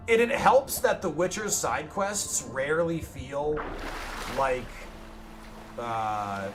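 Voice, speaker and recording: A man streaming a game live, chatting excitedly with his viewers and yelping during tense moments. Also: fairly high pitch. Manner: excitable, chats to viewers, yelps at the action. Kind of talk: casual live-stream gaming commentary.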